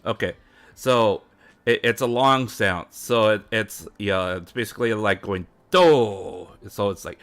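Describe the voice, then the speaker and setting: His lowish voice is slow, clear, resonant, and slightly bright. He's a live streamer learning Japanese, rambling casually and chuckling often as he sounds words out.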